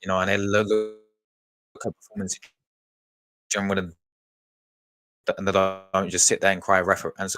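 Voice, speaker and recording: Slangy young man with a low voice. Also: moderate pace, pauses often, no echo. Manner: animated, slangy, repeats words. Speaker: live stream host. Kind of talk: casual fan live stream chat.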